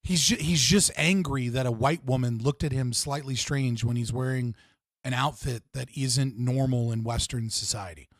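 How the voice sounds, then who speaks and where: A man's voice: medium pitch, moderate pace, no room sound, clean studio sound. A man hosting a live stream, ranting in a heated, profane way and repeating himself for emphasis. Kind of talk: livestream political rant.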